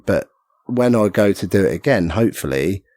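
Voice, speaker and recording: A man's voice: fairly low pitch, expressive, moderate pace, darkish tone, no echo. A man telling a story as a podcast guest, rambling and self-mocking, acting out the voices of people he quotes. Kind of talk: casual storytelling chat.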